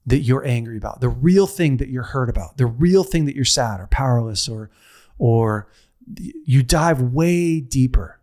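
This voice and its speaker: A middle-aged man giving a heartfelt teaching talk, telling a personal story with repetition, restarts and a pace that swings from slow to rushed. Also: medium pitch, lively intonation, a little mellow. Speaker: speaker on a men's ministry show.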